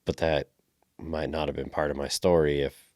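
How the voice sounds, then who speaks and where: A man's voice: extremely low pitch, little pitch movement, normal speed, darkish tone, no echo, studio quality. A man musing on a podcast in a reflective, rambling way about family. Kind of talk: casual chat.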